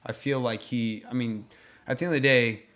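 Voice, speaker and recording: A man's voice: mid-range voice, fairly even intonation, fairly quick, a bit bright. A man co-hosting a casual racing chat, agreeable and a little hesitant, with frequent ums. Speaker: podcast co-host.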